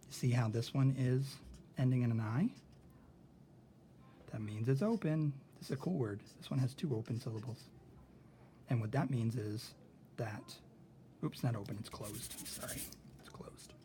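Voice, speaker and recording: A man with a medium-pitched voice teaches a recorded lesson, thinking aloud as he works through examples. He checks in often with "okay?", and there's slight background noise.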